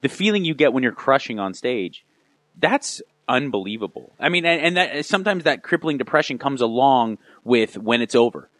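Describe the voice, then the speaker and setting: A man's voice: medium pitch, lively intonation, normal speed, fairly bright tone, dry recording. A man guesting on a podcast, talking in an earnest, reflective way and often stumbling and restarting mid-thought. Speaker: podcast guest, radio host. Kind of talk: casual reflective chat.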